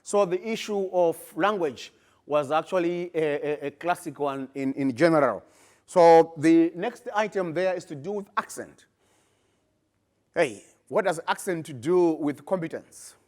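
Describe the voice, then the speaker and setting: A middle-aged man with a Zimbabwean accent gives a conference research talk, emphatic and animated, his voice rising in bursts as he makes his points. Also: on the high side, measured pace. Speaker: research presenter.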